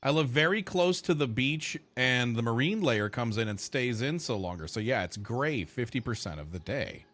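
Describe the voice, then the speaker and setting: A man's voice: mid-range voice, fairly quick, few pauses. A man streaming and chatting casually with his viewers, rambling and swearing freely. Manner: profane, rambling, animated. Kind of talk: casual livestream chat while gaming.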